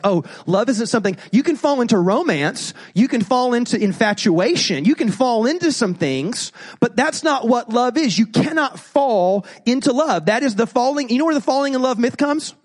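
A man preaches with a high, light voice. He is animated and conversational from the pulpit, now and then acting out the people he quotes. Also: brisk, few pauses. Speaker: pastor. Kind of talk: sermon.

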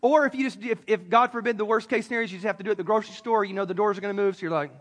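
A man's voice: high-pitched, rapid-fire, long reverb tail. A man preaching a sermon, joking with the congregation and talking straight to them. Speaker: pastor. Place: church sanctuary.

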